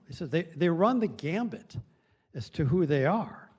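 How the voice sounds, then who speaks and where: A man on a city council giving a floor speech in a folksy, anecdotal way, halting often and restarting his sentences, into a desk microphone in a council chamber. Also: on the high side, sing-song, a little mellow, husky.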